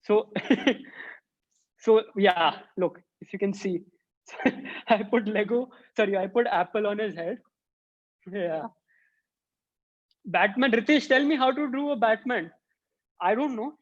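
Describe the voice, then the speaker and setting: Woman, art teacher, kids' drawing class, talks through each stroke, middling pitch, dull lo-fi audio. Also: slow, pauses often. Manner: chatty, thinks aloud while drawing. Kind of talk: online drawing workshop for children.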